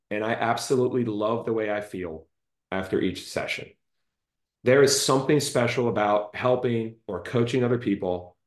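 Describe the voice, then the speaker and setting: A man hosting a podcast interview, chatty and friendly, with lots of fillers. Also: on the low side. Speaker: podcast host. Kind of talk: casual interview chat. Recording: echoey room.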